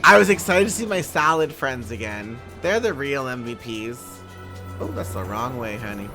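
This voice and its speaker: A bubbly young woman chatting casually on a live game stream, playful and giggly with a swear here and there. Her pitch bounces animatedly from high to low. Faint game music runs underneath. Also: expressive, normal speed. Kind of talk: casual live-stream chat while gaming.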